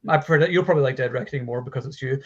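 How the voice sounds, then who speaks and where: A man co-hosting a casual film chat, talking in an animated way with lots of fillers and the odd swear word. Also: mid-range voice, racing, dull audio. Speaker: podcast co-host. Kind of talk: casual chat about films.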